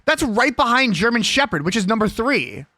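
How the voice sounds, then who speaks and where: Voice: mid-range voice, big pitch swings, normal speed, sharp tone, no echo. A young adult live streamer chatting casually and with strong opinions while reading a list aloud.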